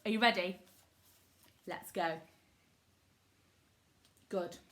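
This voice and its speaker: A woman's voice: fairly low pitch, steady tone, very slow, a bit bright. A woman teaching a phonics lesson to young children, upbeat and encouraging, sounding words out syllable by syllable. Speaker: primary school teacher.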